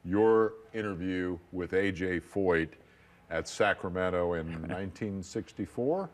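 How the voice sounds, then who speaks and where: A male talk show host asking measured questions in a studio interview. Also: deep voice.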